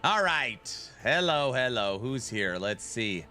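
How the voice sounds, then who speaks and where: A man's voice: mid-range voice, big pitch swings, takes it slowly, bright, forceful tone, soft background music. A man hosting his own game live stream in a loose, joking way, greeting viewers in chat by name. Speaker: streamer host.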